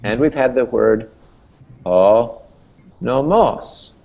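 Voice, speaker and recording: A man's voice: medium pitch, animated, extremely slow, gravelly, highs cut off. A man teaching a Greek class as professor, explaining patiently and checking in with "okay?" and "right?". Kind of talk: classroom lecture.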